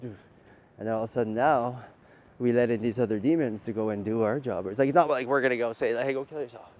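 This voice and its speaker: This is a fast-talking man with a darkish tone delivering a meandering spiritual monologue. Casual swearing runs through it, and "right?" frequently closes his points, all on dull, lo-fi audio with a faint rumble underneath.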